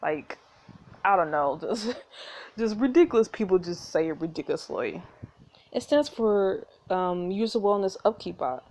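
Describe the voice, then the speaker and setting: A woman's voice: medium pitch, moderate pace. A woman reading a story game aloud, breaking off into giggly commentary between passages. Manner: lively, giggly asides between read passages. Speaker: game playthrough narrator.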